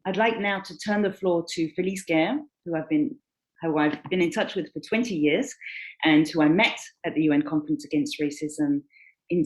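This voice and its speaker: A woman moderating a panel, reading a prepared personal account aloud with expressive emphasis on key words, then handing over the floor. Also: on the low side, echoey room, low-quality recording.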